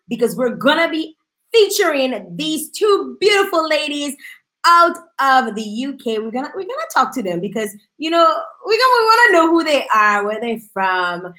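A woman's voice: sits high, big pitch swings, a little slow, low-quality recording. Chatty woman hosting a live stream. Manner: chatty, repeats phrases, shout-outs to viewers. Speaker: host of a live streamed music talk show.

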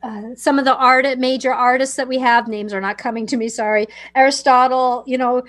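A woman on a call-in radio show, gently counselling a caller in a soothing, meandering way with many fillers and restarts. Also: sits high, steady tone, fairly quick, no echo. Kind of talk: gentle spiritual advice to a caller.

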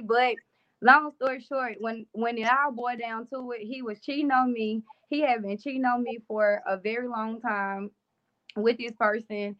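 A woman's voice: on the high side, steady tone, normal speed, lo-fi sound. A young adult woman, telling her personal story casually as an interview guest, with many trailing fillers.

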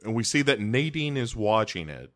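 A male podcast co-host in casual chat, recapping a film scene by scene. His voice is low yet bright and forward. He talks with plenty of ums and uhs and adds dry, wry jokes. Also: sing-song, moderate pace. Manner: recaps scenes with many fillers, dry humor.

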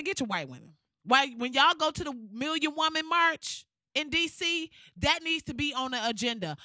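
A woman's voice: sits high, pushed and bright, no echo. A woman giving casual ranting commentary in a blunt, profane, fired-up way.

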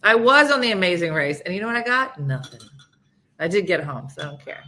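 A woman's voice: fairly low pitch, fairly quick, a little hiss or hum. A woman as a guest on a talk show, casually telling a comic story and acting out the people in it. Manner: animated, acts out quoted people.

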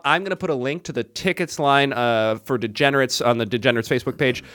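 A man's voice: medium pitch, fast. A man co-hosting a casual comedy podcast who tells stories with lots of energy and acts out the people in them. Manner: animated storyteller, acts out voices in quotes. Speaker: podcast co-host. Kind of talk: casual chat.

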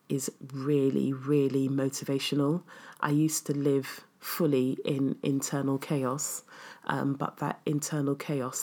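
A woman's voice: extremely low pitch, darkish tone, breathy edge. A woman wellness coach answering viewer questions in a casual, reflective and earnest way, with frequent ums. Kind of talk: casual live Q&A.

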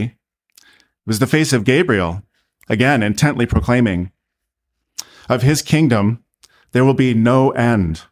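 A priest tells a sermon as a story in a low, measured voice. He takes his time, pausing between phrases. The delivery is calm and deliberate. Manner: slow, deliberate narration.

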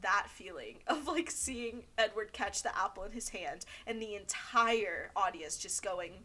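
A woman co-hosting a podcast in casual chat, excitable and gushing, with lots of fillers and laughter. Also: mid-range voice, measured pace. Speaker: podcast co-host.

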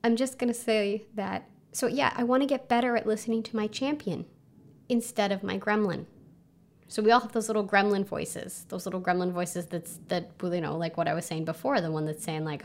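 A woman's voice: medium pitch, fairly even intonation, fairly quick. A woman hosting a casual solo podcast from home, chatty and self-mocking, with lots of fillers. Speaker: podcast host. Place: home under a flight path, planes overhead.

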